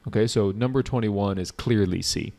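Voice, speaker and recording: A man's voice: fairly low pitch, moderate pace, darkish tone. A man teaching an exam preparation lesson, explaining answers casually and talking directly to his viewers. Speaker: IELTS teacher. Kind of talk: online exam prep lesson.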